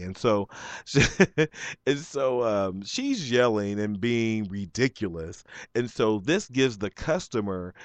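Man, casual storyteller, rambling and heated, laughs a lot, dry close sound. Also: no room sound. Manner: rambling, heated, laughs often, jumps into high voices when quoting.

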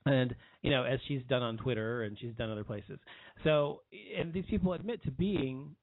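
A man's voice: medium pitch, normal speed, slight background noise. Man rambling heatedly over a tinny line. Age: 30s. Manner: rambling, heated, many restarts. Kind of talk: personal commentary monologue.

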